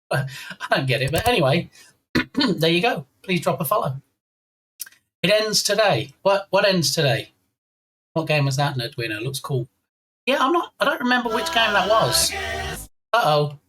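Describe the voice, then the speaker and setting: A man's voice: high-pitched, big pitch swings, moderate pace, long pauses, sharp tone, a little hiss or hum, low-quality recording. An English man streaming live with a slight frog in his throat, chatting casually and reading out and thanking viewers' chat messages. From England. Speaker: game dev streamer.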